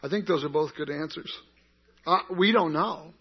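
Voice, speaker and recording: A man's voice: on the high side, moderate pace, slightly rough. A man teaching an interactive Bible class in a conversational way, asking the group questions and answering them himself. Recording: dull lo-fi recording.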